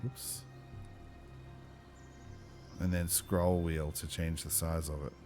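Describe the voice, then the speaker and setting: A man running a tabletop game as game master, chatty and thinking aloud, with lively exclamations. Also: extremely low pitch, slow, faint music behind.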